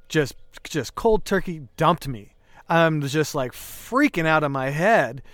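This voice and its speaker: A man's voice: a little high, lively intonation, slow, a bit bright, no room sound. Podcast guest, male, 30s: candid, emotional storyteller, clean voice, dry studio mic. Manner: earnest, emotional, acts out quoted dialogue.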